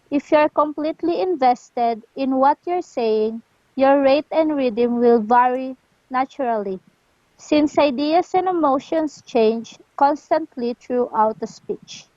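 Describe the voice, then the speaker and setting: A woman learning English reads a lesson text aloud, careful and slow, stumbling now and then. Her voice is high and unhurried. The recording is dull and dry. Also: darkish tone, no room sound.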